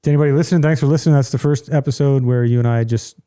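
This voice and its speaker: A man's voice: medium pitch, steady tone, very fast, warm tone, smooth. A middle-aged man hosting a casual podcast from home, blunt and ranting, with a joking streak. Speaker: podcast host.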